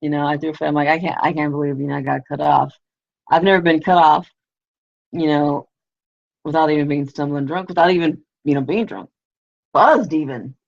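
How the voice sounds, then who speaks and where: Woman, casual livestream storyteller, rambling, filler-heavy, gravelly, muffled lo-fi sound. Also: deep voice, a little fast, a little mellow. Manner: rambling, heavy on "you know" and "like", swears casually. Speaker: livestream host. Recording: lo-fi livestream audio.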